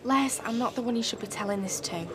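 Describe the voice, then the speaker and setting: Give me an actress voicing a brisk, no-nonsense woman in a TV drama. Her voice sits fairly high, with noise behind it. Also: natural voice. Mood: firm. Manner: brisk, firm. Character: firm woman telling a man to go home.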